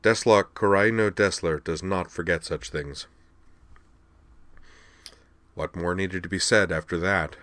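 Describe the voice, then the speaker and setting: A man narrating an audiobook in an even, measured storytelling manner. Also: deep voice, no room sound. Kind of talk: scripted narration.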